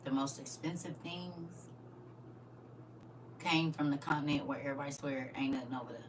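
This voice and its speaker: A woman's voice: extremely low pitch, steady tone, normal speed, far from the mic, noisy background. A woman, reading scripture aloud and commenting on it in a preachy way, full of rhetorical questions. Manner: preachy, rhetorical questions, swings from loud to quiet. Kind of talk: casual livestream commentary.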